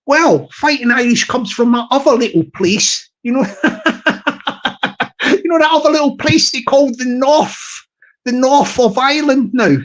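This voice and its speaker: A man's voice: extremely high pitch, a little slow. Rambling man chatting. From Southwest England. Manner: rambling, jokey, repeats himself. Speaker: livestreamer. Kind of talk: casual livestream chat.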